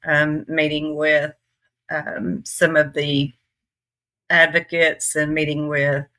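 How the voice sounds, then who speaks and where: A woman's voice: sits low, flat delivery, takes it slowly, bright, forceful tone. A woman from Tennessee with a Southern accent, a nonprofit leader chatting in an interview, laughing often and trailing off with fillers. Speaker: nonprofit CEO guest. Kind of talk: casual interview talk.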